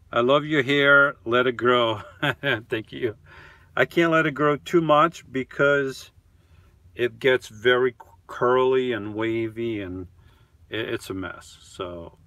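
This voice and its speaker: A man chatting on a live stream from inside his camper van. He talks at an unhurried, drawn-out pace, reading out viewer comments and replying to each in a relaxed, rambling way. The sound is close and dry, with no room echo. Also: mid-range voice. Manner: reads viewer comments aloud and answers them one by one; easygoing, chatty, with frequent trailing off. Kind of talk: casual live-stream chat.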